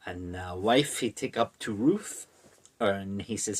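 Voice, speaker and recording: Deadpan male horror reviewer, slow and lively-pitched, comic broken-English retelling. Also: breathy edge. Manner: deliberately broken caveman-style English, deadpan. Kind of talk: comedic book summary.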